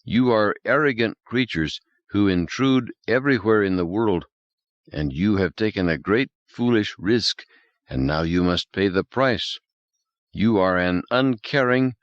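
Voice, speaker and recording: A man voicing a cold, vengeful alien intelligence that speaks slowly, stiffly and formally. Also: on the low side, expressive, dry recording, highs cut off, voice pushed up. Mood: menacing. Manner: slow, stiff, formal and menacing.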